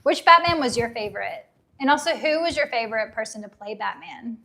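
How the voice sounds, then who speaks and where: A woman in her thirties, casually chatting on a live unboxing stream, reading viewer comments aloud with nostalgic enthusiasm, her voice getting a little hoarse. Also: a little high, expressive, a little fast, sharp tone. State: losing her voice. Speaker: livestream host.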